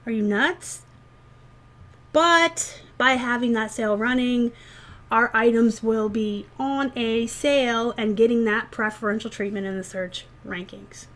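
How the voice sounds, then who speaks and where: A woman's voice: on the high side, fairly even intonation, a little slow, fairly bright tone. A woman, talking chattily and sarcastically to viewers in a rambling vlog about her reselling business. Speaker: eBay reseller vlogger. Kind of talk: casual vlog talk.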